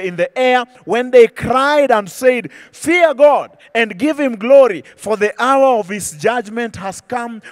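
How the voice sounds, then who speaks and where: High-voiced man preaching with passion. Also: no room sound, studio quality. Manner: impassioned preaching, slows and drops for scripture quotes. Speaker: pastor. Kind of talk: sermon. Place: church.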